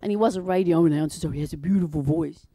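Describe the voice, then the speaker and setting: A woman's voice: deep voice, fast, warm tone. A woman preaching a sermon in a chatty way, often putting questions to her audience.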